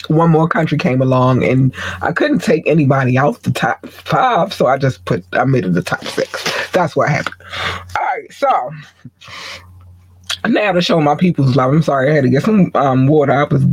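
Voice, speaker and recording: A man hosting his own podcast in a casual, playful chat, giving chatty shout-outs and laughing now and then. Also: on the high side, husky. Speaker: podcast host.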